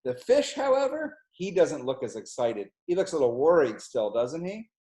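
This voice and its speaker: A middle-aged man reads a children's book aloud at storytime, slow and gentle as he walks young listeners through the pictures. His voice sits at a middle pitch. The recording has an echoey room sound. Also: expressive. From New Jersey, US. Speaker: college president reading a children's book.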